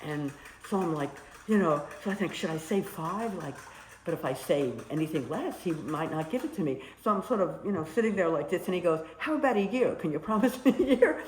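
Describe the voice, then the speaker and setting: Woman, lowish voice with wide swings, animated storyteller in a roomy space. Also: brisk, slight background noise. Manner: animated, acts out quoted dialogue. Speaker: storyteller recalling nursing work abroad. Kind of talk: casual storytelling interview. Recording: roomy with faint ambience.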